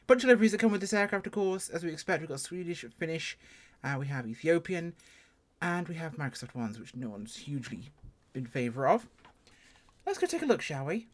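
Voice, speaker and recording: A speaker with an English accent doing a casual first-look review of a flight sim plane, chatty and self-deprecating, with sudden jumps in pitch. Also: sing-song, fairly quick. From England.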